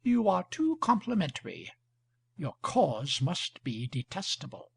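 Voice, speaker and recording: A dry, skeptical baroness with a sharp tongue, voiced by a man reading her part. Her voice is husky and gravelly, and it moves slowly. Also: on the high side, huge pitch swings, heavily acted.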